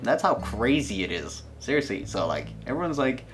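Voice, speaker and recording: A man's voice: medium pitch, very animated, moderate pace, faint music behind. A young man hosting a gaming channel, chatting loosely over his gameplay in a playful, rambling way that often restarts and repeats words. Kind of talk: casual gameplay commentary.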